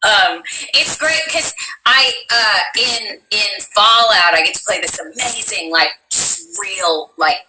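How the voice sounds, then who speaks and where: A woman's voice: medium pitch, slow, background noise. A woman from Tennessee with a Tennessee Southern accent, chatting animatedly as an interview guest and leaning on "like" a lot. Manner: chatty and animated, heavy use of "like". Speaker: voice actress guest. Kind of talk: casual interview chat. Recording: echoey room, distant mic, faint music.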